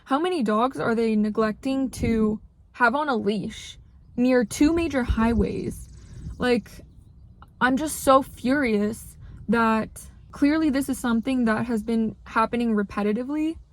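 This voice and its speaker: A woman's voice: a little high, unhurried. Upset young woman rambling through a story. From Canada. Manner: upset, rambling, heavy use of "like". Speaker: vlogger. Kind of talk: casual storytelling to camera.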